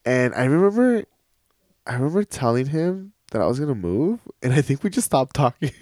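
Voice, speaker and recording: This medium-pitched co-host speaks fairly quickly, laughing a lot as he spins lively stories during the podcast's casual banter. It's a clean studio recording with no echo.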